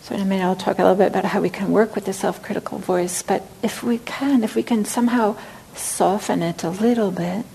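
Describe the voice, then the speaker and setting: Woman, meditation teacher, dharma talk, gravelly voice, gentle and reflective, faint background hum. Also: medium pitch, steady tone, a little fast, low-quality recording.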